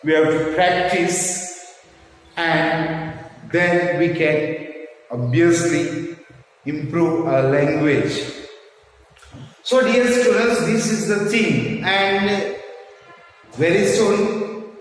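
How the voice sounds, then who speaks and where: A man teaching a lesson, speaking slowly and haltingly with many fillers. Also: a little high. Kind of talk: online class lesson. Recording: echoey room, far from mic.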